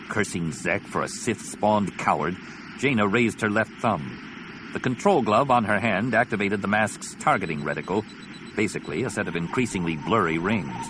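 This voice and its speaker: A man narrating an audiobook in a dramatic, expressive reading. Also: fairly low pitch, moderate pace, background noise.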